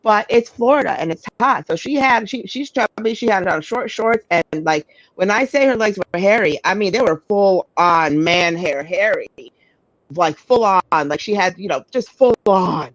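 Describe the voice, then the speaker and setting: A woman's voice: mid-range voice, moderate pace, no room sound, low-quality recording. Chatty woman cohost, swears a lot, trips over her words, dry close sound. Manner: animated, profane, frequent restarts. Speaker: podcast co-host. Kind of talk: casual storytelling chat.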